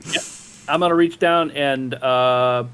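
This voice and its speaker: A man playing a tabletop game on a stream, deliberate and careful about the rules. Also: mid-range voice, a bit bright, slight background noise. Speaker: player.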